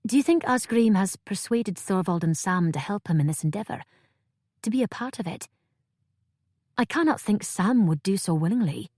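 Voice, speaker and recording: A woman's voice: mid-range voice, lively intonation, normal speed, mellow, no echo, studio quality, pitched above the performer's own voice, close to an everyday voice. A woman voicing an anxious, earnest fair-haired young woman in an audiobook, her lines pleading and urgent. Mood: worried. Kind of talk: audiobook character voice.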